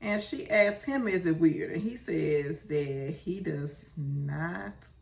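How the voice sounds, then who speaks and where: Slow sassy lady with a gravelly voice recapping reality tv. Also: low voice. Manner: sassy, talks back to the screen. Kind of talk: casual show recap.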